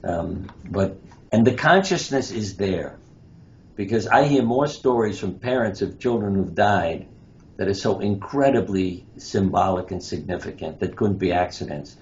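This interview guest, a surgeon who is also an author, spins anecdotes and voices the lines he quotes. He speaks expressively and a little slowly, his low voice somewhat dark, over faintly noisy, dull lo-fi sound.

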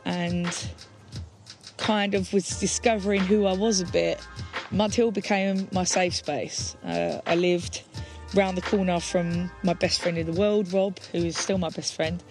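A woman's voice: fairly low pitch, fairly even intonation, measured pace. A woman in her thirties from Essex with an Essex accent, a poet chatting reflectively about her own poem outdoors on a hill, slightly out of breath and self-deprecating. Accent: Essex English. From Essex, England. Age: 30s. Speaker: spoken word poet. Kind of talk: casual spoken explanation of her poem. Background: background music.

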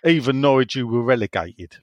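A man's voice: mid-range voice, expressive, a little fast, no room sound, lo-fi sound. A chatty man hosts a football podcast, his voice rising and falling freely as he drifts into opinionated asides. The sound is close and dry, with no room around it. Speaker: podcast host reading listener messages. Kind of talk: casual football podcast chat.

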